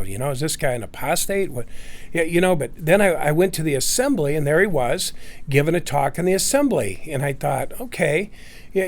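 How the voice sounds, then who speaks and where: A man's voice: a little high, creaky. Rambling middle-aged man telling a story. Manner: rambling, many fillers and restarts. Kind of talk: casual personal storytelling.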